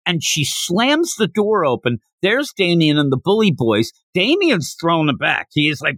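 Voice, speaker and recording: A man's voice: a little high, a little slow, hardly any pauses, dry recording. A man hosting a podcast, casually recapping a manga chapter and jumping into character voices. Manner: animated, jumps into character voices. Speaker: podcast host.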